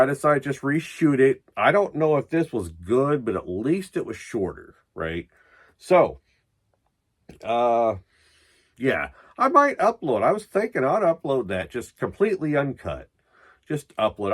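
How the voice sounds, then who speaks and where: A man vlogging about metal while drunk and high, rambling loosely and swearing as he talks. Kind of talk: rambling casual vlog.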